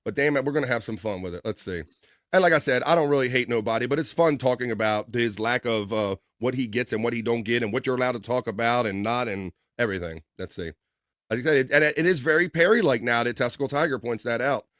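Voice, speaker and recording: Livestream host, male, mid-pitched, loose and joking, dry close sound. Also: fast, dry recording. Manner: loose, joking, reads chat aloud with bursts of excitement. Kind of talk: casual chat reading viewer comments.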